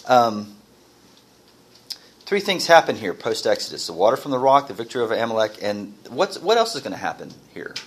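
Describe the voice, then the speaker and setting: A man's voice: medium pitch, sing-song, brisk, low-quality recording. Guy teaching a bible class, voice rises and falls a lot, quizzes the group. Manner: questions the class, reads scripture aloud.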